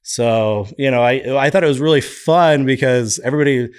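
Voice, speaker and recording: A man on a podcast, a guest chatting casually and telling lively stories, now and then slipping into quick impressions. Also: mid-range voice, smooth. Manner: lively storyteller who slips into impressions. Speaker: podcast guest, business founder. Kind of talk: casual storytelling interview.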